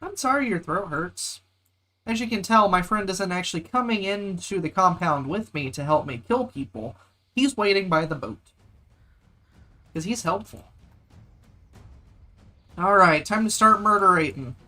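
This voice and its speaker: A man's voice: high voice, animated, a little slow, long pauses, bright, forceful tone. Brief: a male streamer, loose and jokey, chatting with viewers between tasks. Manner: joking, chatty, talks to viewers. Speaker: game streamer. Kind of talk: casual gameplay commentary.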